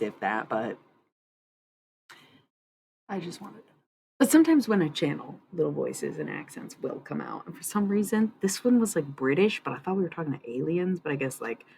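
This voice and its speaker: A woman's voice: fairly low pitch, gravelly, darkish tone, a little hiss or hum, rough recording. A young adult woman streaming live, chatting in a meandering, dreamy way and laughing often. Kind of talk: casual livestream chat about channeling.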